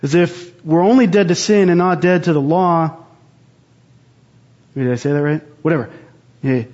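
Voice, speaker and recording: High-voiced man giving casual Bible teaching. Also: moderate pace, a little mellow, highs cut off. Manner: earnest, rambling, with frequent restarts.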